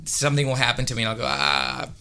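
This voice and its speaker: A man's voice: medium pitch, fairly even intonation, very fast, pushed and bright. A Romanian man with an American-sounding accent whose first language is Romanian. He is a comedian who chats casually and tells stories, acting out the other people in them. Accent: American-sounding English. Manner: chatty storyteller, acts out dialogue. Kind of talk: casual podcast chat. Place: comedy club.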